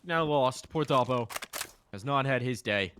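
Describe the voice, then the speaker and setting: Guy doing fast jokey play-by-play for a shooter match, loud gunfire and game noise behind him. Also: mid-range voice. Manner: rapid, playful, excitable calls. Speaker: esports commentator. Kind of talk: live play-by-play commentary. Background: game sound effects and gunfire.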